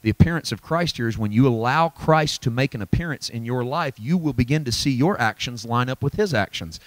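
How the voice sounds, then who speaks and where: A middle-aged man preaching a sermon in a church, swinging from shouted, high-pitched peaks to low, quiet reflection. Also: lively intonation, brisk, no room sound. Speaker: pastor.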